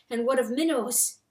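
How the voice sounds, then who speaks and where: A woman's voice: sits high, a bit bright, pitched above the performer's own voice, exaggerated voice. A woman voicing a wounded, frantic male fox who talks in a feverish rush and wails, in a storybook reading. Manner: feverish, rushing, wailing. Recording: echoey room, distant mic.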